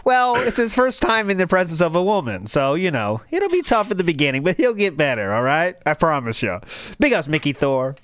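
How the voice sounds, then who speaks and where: A man's voice: a little high, very animated, fairly quick, a bit bright, no room sound. A man hosting a casual podcast, rambling and joking as he reads out chat comments. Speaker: podcast host.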